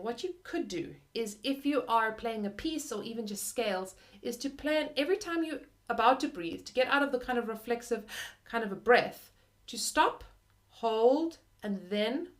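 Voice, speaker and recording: A young adult woman teaching flute in a friendly, chatty way, often using "like" and "kind of". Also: a little high. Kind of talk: video lesson.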